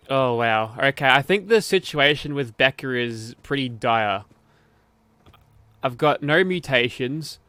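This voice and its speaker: A man's voice: medium pitch, a bit bright, no echo. A man streaming a game, giving casual commentary while he mutters, grumbles and swears.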